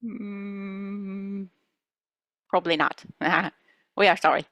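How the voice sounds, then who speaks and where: A woman's voice: mid-range voice, fairly even intonation, extremely slow, no echo. A woman channeling a playful collective of star beings who teases and reassures listeners, calling them children. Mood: reassuring. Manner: addresses listeners as children, gently scolding. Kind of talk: channeling session.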